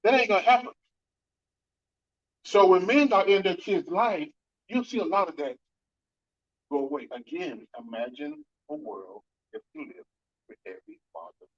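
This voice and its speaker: A man giving an emphatic conference talk to an audience, with sudden bursts of loudness. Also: high-pitched, animated, moderate pace, long pauses, muffled recording. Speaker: conference speaker on fatherhood and reentry. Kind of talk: speech to an audience.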